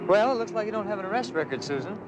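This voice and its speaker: Stern, lecturing detective; vintage TV cop show. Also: male voice, high voice, expressive, rapid-fire, rough recording. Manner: firm, lecturing. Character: stern male police detective. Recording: old TV drama with music behind.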